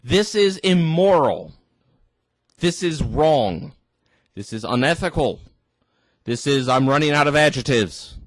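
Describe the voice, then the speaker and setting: A tipsy man in an exasperated rant, his voice sitting high and swinging widely in pitch. He talks slowly and stumbles into restarts, recorded close in a dry room. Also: expressive, dry recording. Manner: indignant, exasperated, halting restarts. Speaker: vlogger. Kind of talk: ranting commentary.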